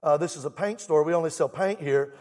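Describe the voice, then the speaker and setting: A man voicing a paint store owner in a joke, a grown man who is polite and apologetic but gets exasperated, with a high voice and a long hall reverb. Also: brisk, darkish tone, close to an everyday voice. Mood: patient. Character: weary paint store owner, adult man, patient then fed up.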